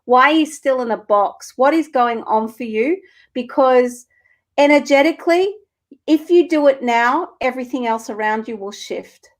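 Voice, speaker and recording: A woman's voice: high-pitched, normal speed. Earnest woman doing spiritual card readings. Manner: earnest, emotional, sweary. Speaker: co-host reading cards for viewers.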